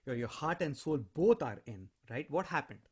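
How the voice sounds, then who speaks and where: A man's voice: on the high side, expressive, moderate pace, a little mellow. Man hosting an interview. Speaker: podcast host. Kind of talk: interview question.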